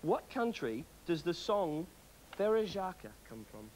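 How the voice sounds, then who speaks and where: A woman's voice: lowish voice, big pitch swings, unhurried, darkish tone, slight background noise, low-quality recording. A woman playing a game show quizmaster in a playful role-play, with chatty, bouncy patter. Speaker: pretend game show host.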